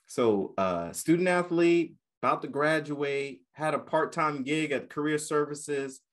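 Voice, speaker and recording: A man's voice: on the high side, a little slow. Middle-aged american guy telling stories on a podcast, laughs a lot, acts out voices. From United States. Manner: lively, laughs often, acts out quotes. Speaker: guest counselor educator. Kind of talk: casual podcast storytelling.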